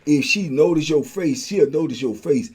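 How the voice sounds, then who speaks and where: An older man's husky, fairly high voice moves at a moderate pace as he relates a prison story in slang. The storyteller host is animated, imitating the voices of those involved.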